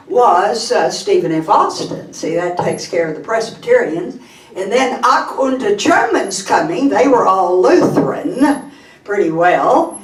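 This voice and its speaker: Slow, joking Texan woman. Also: mid-range voice, distant mic. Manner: chatty, joking, asides to the audience. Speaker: speaker. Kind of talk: humorous public talk. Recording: echoey room, voice off-mic.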